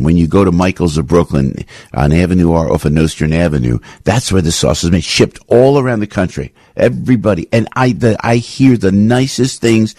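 A man in his sixties with a New Jersey accent, hosting a radio talk show with an animated, jokey pitchman's manner. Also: no room sound, studio quality. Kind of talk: casual radio chat and live ad read. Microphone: studio broadcast mic.

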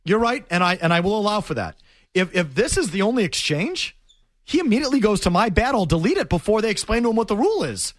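A middle-aged man on a sports talk show drives his argument home again and again. His voice sits high and moves in wide swings. The sound is close and dry. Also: big pitch swings, fast talker, dry recording. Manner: emphatic, repetitive, argumentative.

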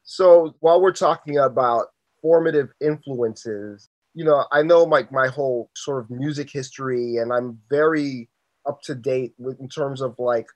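Easygoing New York interviewer, dry sound. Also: male voice, mid-range voice, moderate pace, no echo, rough recording. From Queens, New York. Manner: loose, conversational, leans on fillers like "sort of" and "like". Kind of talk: casual interview.

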